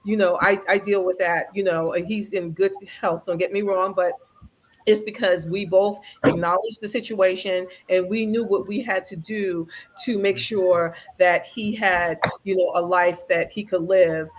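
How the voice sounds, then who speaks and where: A married woman, a guest on a talk show, giving a measured, supportive comment with plenty of fillers. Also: mid-range voice, steady tone. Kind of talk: conversational comment.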